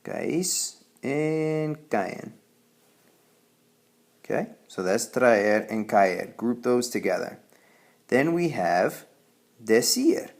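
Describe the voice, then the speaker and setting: A man's voice: medium pitch, lively intonation, very slow, gravelly, pauses often. A man teaching a Spanish grammar lesson, patient and explaining step by step, often checking in with "okay?".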